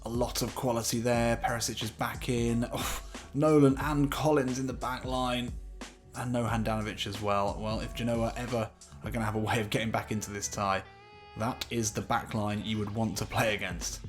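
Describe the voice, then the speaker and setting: A man commentating on his own football video game play, getting excitable at the chances. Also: medium pitch, moderate pace, faint music behind. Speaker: gaming YouTuber. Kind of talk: gameplay commentary.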